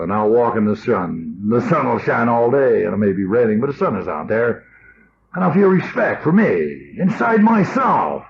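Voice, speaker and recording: A man in his fifties giving a blunt, emotional AA talk to an audience. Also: medium pitch. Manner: rough, blunt and emotional storytelling. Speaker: AA speaker. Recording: dull old cassette tape with faint hiss.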